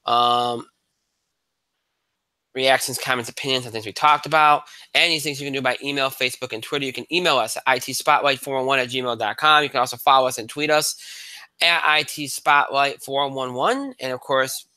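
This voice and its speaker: A man's voice: medium pitch, steady tone, brisk, bright, forceful tone, clear, resonant tone, no room sound, rough recording. A man hosting a podcast in casual chat, rambling with fillers and restarts. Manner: plain conversational, rambling with fillers. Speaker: podcast host.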